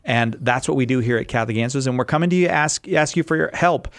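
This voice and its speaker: Brief: male call-in radio host, mid-pitched voice, dry studio sound, lively and jokey. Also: quick pace, no echo. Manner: energetic, jokey, repeats phone number.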